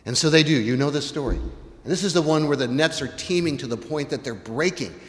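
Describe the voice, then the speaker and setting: A man's voice: a little high, brisk. Male preacher in a reverberant hall. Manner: animated storytelling, acts out voices, rises to shouts. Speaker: pastor. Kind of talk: sermon. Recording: long reverb in a large hall.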